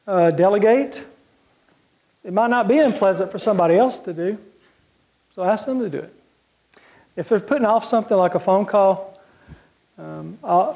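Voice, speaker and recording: A man speaks as a guest speaker in a plain, folksy way, offering practical tips. His voice sits fairly high for a man. He clears his throat now and then between points. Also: warm tone. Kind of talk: practical advice talk.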